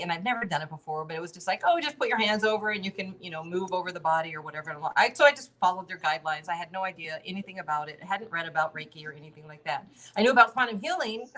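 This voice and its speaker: Casting: middle-aged woman, lowish voice, rambling and chatty, laughs a lot, video-call audio. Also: fairly bright tone. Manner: chatty, many fillers and restarts, laughs often. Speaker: interview guest. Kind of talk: casual conversational storytelling.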